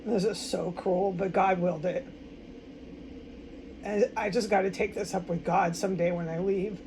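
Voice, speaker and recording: A woman's voice: mid-range voice, fairly even intonation, normal speed, darkish tone, slight background noise, low-quality recording. An American woman in a distraught, rambling personal monologue, stumbling over words and swearing often. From United States. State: upset and distraught. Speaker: vlogger.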